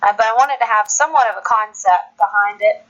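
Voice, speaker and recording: A woman's voice: mid-range voice, fast, a bit bright, dull audio. A woman singer-songwriter from Alabama, chatting as a guest in a casual phone interview, laughing often and restarting her sentences.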